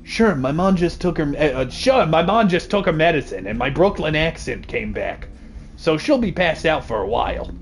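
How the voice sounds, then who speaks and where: A man voicing a crude teenage boy sidekick in a game, with a low, mumbled, deadpan delivery. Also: moderate pace, slight background noise.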